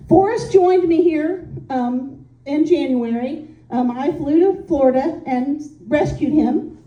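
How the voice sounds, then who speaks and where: A woman's voice: sits high, warm tone, highs cut off. A woman from Indiana doing stand-up, telling stories in a chatty, self-deprecating way with lots of "um"s. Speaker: stand-up comic. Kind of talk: stand-up comedy set. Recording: echoey room, voice from a distance.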